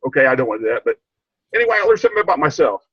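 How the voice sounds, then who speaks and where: A man's voice: medium pitch, very animated, racing, husky, dry recording, dull audio. An older man sharing a heartfelt personal story on a video call, stumbling and repeating himself, getting choked up. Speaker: training participant. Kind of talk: emotional personal testimony.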